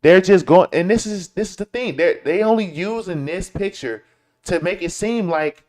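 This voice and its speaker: A man's voice: high voice, normal speed, a little mellow. A man hosting a live-stream, ranting in a combative way, stumbling over restarts and mocking others in whiny voices. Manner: combative, repetitive, stammering restarts. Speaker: streamer host. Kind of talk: live-stream commentary rant.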